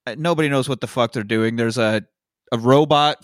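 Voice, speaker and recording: Male podcast co-host, mid-pitched, easygoing storyteller, swears freely, dry close sound. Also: fairly quick, no room sound. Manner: laid-back storytelling with profanity and frequent laughs. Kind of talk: casual movie recap chat.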